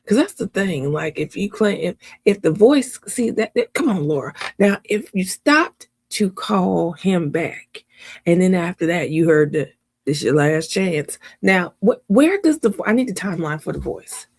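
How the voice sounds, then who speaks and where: A woman's voice: lowish voice, expressive, moderate pace, a little mellow, breathy edge, no echo. A woman hosting live trial commentary in a casual, emphatic way, repeating her points and talking back at what she watches. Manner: emphatic, repetitive, talks back to the screen.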